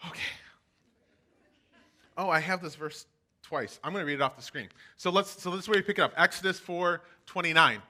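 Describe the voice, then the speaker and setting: High, bright-voiced man preaching casually. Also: fairly quick, long pauses. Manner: chatty, animated storytelling with playful quoted voices. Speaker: pastor. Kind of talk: casual sermon retelling a Bible story. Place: church stage for an online service.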